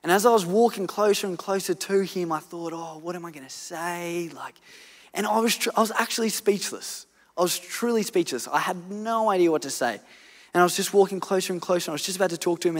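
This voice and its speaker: A man preaching a sermon, earnestly telling a story and swinging from loud to hushed. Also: high voice, fairly quick. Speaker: pastor. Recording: long church hall reverb.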